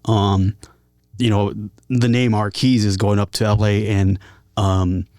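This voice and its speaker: A man's voice: lowish voice, little pitch movement, unhurried, darkish tone, no echo, clean studio sound. A man from San Diego, a guest musician, telling stories in a casual interview with many fillers and restarts. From San Diego, California.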